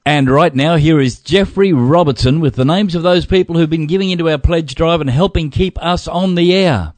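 A man's voice: a little high, moderate pace, a little mellow, dry recording. A male radio host who teases his guests and jokes between segments. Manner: jokey and teasing. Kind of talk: casual radio hosting.

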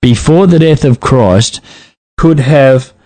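A man's voice: mid-range voice, takes it slowly, dark tone, dry recording, rough recording. A man co-hosting a Bible talk show, reading listener letters with a teasing, playful manner.

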